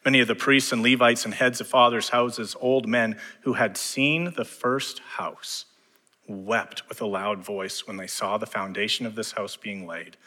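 A man preaching a sermon as pastor, building to fervent emphasis and dropping to hushed lines. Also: lowish voice, in a large hall.

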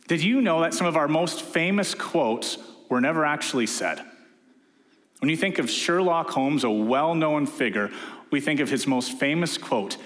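A man preaching a sermon, telling stories and acting out quotes in different voices. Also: mid-range voice. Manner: lively storyteller, acting out quotes in character voices. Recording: echoey hall reverb.

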